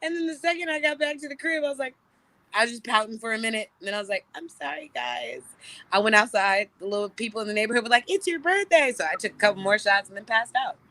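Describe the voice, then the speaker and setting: A woman in her thirties, a guest telling stories in a casual, profane way and acting out quoted lines in loud, high voices. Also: racing, no room sound. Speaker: celebrity guest. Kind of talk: casual storytelling chat.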